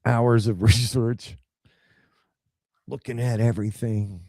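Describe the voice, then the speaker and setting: A man co-hosting a casual live stream, bantering and mocking, now and then breaking into loud ranting caricature bits. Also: mid-range voice, level tone, slow, dry recording. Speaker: co-host.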